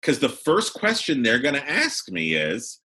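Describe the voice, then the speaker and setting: Animated man with a husky, lively voice. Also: medium pitch, measured pace. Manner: animated, with frequent restarts. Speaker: cabaret producer and director, podcast guest. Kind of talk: casual podcast interview.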